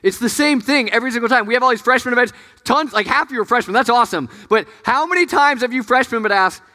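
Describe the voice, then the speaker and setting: Bright-voiced man preaching in a reverberant hall. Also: very high voice, quick pace, hardly any pauses. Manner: chatty and self-mocking, laughs often, lots of fillers. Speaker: campus ministry pastor. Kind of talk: casual, joking sermon to students. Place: large hall with an audience.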